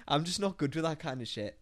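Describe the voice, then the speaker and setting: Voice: mid-range voice, very animated, moderate pace. Blunt podcast co-host. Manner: blunt and sweary, opinionated. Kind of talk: casual chat.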